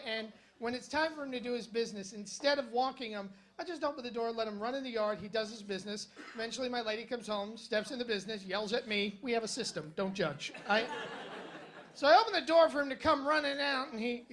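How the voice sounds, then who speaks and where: A man's voice: very high voice, a little fast, bright, forceful tone. A male stand-up comedian telling jokes and stories on a comedy club stage in a wry, conversational way, with punchy jokes. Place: comedy club stage in front of a live audience.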